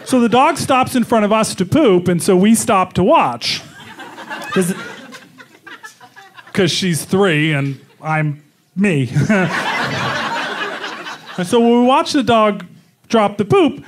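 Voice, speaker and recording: High-voiced man telling stand-up stories. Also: slow, long pauses, a little hiss or hum. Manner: storytelling, chuckling, animated. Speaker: stand-up comedian. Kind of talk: stand-up comedy set. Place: comedy club stage. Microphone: stage microphone.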